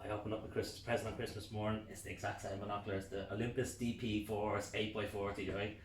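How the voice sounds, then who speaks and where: An excitable Dublin man with a somewhat low voice tells a story as a podcast guest, swearing freely as he goes. He sits back from the microphone in an echoey room, with a faint hiss of noise behind him. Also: fast talker, far from the mic. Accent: Dublin Irish. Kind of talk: casual podcast interview storytelling.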